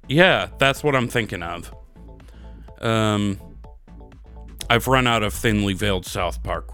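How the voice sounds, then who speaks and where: A man's voice: on the low side, sharp tone. A man co-hosting a gaming podcast, rambling through a joking, profane recap in casual chat. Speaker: podcast co-host.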